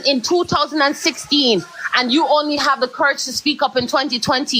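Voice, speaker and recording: A woman's voice: high-pitched, fairly quick, pushed and bright, rough recording. A woman speaking emphatically and earnestly in a discussion. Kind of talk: emotional discussion.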